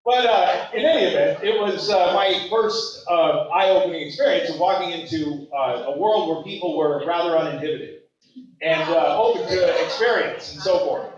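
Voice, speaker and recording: A man from Maui tells a story at a gathering and acts out each voice he quotes. His voice sits a bit high. He is heard from across a large echoey room on a dull, distant mic. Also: normal speed. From Maui, Hawaii. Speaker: speaker sharing a memory at a gathering. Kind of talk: casual storytelling.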